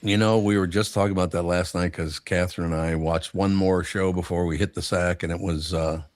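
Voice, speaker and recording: Brief: older male radio host, low voice, dry close mic, chatty and quick to laugh. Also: fairly even intonation, darkish tone, dry recording. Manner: laughs often, rambling anecdotes. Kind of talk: casual talk-radio chat.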